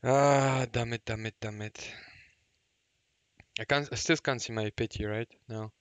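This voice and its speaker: A man, a gaming YouTuber reacting to game summons, shouting, laughing and cursing, then muttering low. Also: steady tone, unhurried, no echo.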